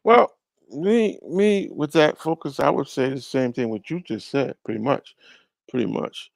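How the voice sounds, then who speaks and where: A man with a rough, fry-laden voice leads a relaxed scripture discussion. He reads verses with loud emphasis, then drops into low, slangy asides and repeats words to drive a point home. The sound is dry and close, with no room around him. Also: a little slow, no room sound. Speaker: podcast co-host leading a scripture study. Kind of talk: casual scripture discussion with read-aloud verses.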